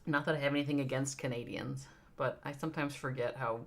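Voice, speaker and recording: A woman's voice: extremely low pitch, fairly even intonation, quick pace, creaky. A woman with a Midwestern accent chatting casually with viewers on a live game stream, thinking aloud and reading out their names. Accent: American Midwestern.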